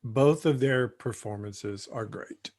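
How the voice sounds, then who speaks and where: A man's voice: medium pitch, slow, a little mellow, no echo. A man co-hosting a podcast who talks casually and with enthusiasm about a film, retelling its scenes. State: choked up with emotion. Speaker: podcast co-host. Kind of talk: casual movie discussion.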